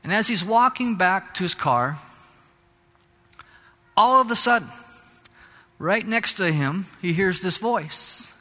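A man pastor delivers a fervent sermon, climbing to shouts and dropping into Spanish phrases now and then. His voice sits high and bright. It rings out with a long hall reverb behind it. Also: lively intonation, takes it slowly, long pauses. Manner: fervent preaching, rising to shouts.

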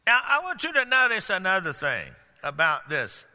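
An older man preaching a sermon, swinging between loud outbursts and low hushed lines. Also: wildly swooping pitch, moderate pace. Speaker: pastor. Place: large church hall. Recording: long hall reverb.

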